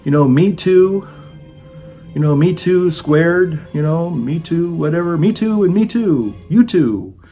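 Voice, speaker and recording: A man's voice: fairly high pitch, animated, unhurried, dark tone, faint music behind. A man giving a rambling, sarcastic opinion monologue on his own channel, full of "you know" fillers. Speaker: video blogger.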